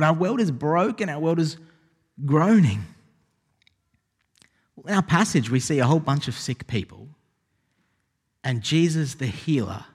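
Animated preacher in a reverberant hall. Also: male voice, a little high, husky. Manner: animated, rising to emphatic exclamations. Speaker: pastor. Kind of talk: sermon.

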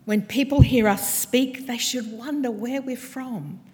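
A woman preaching a sermon to her church, with a measured, earnest delivery and pointed pauses. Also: fairly high pitch, darkish tone. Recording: long hall reverb from a church.

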